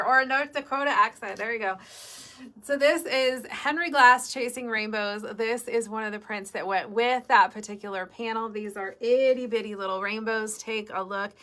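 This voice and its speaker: A woman's voice: a little high, moderate pace, bright, forceful tone. A woman with a Midwestern American accent hosting a live shop sale, chatty and upbeat, explaining step by step. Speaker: quilt shop host.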